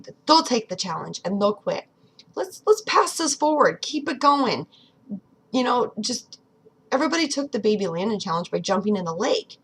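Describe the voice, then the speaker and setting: Woman, thirties, husky voice, earnest vlog pep talk, speaks straight to the viewer. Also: a little high, fairly bright tone. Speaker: vlogger. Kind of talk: motivational personal vlog.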